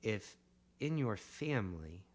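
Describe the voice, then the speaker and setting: A man with a fairly low voice tells a story on a podcast, rambling and circling back on himself. He speaks casually and hits certain words with sudden emphasis. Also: takes it slowly. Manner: animated, rambling, with emphatic bursts. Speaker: podcast guest.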